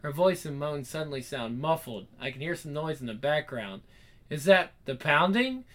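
A man narrates a first-person adult comedy story with a wry, animated delivery and casual swearing. His voice sits a little high and sounds bright and forceful. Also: moderate pace.

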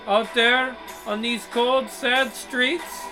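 A man voicing a stern Russian woman who runs a fake police station, speaking in a put-on Russian accent with indignant, drawn-out words. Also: extremely high pitch, steady tone, music in the background, voice pushed up, exaggerated voice, poor audio. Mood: mournful, menacing.

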